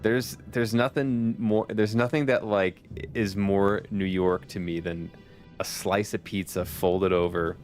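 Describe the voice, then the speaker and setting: A man streams a video game and chats casually with his viewers, laughing often and swearing now and then. His voice sits on the low side with fairly even intonation, a measured pace and a darkish tone. Faint music plays in the background.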